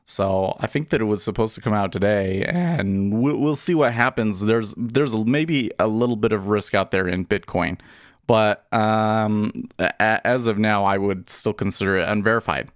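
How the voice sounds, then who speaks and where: A man's voice: lowish voice, normal speed, no room sound, clean studio sound. Chatty man hosting a trading livestream. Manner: chatty, thinks aloud while working his trading screen; laughs easily, loose and joking. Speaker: day trading livestream host. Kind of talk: casual live-stream commentary.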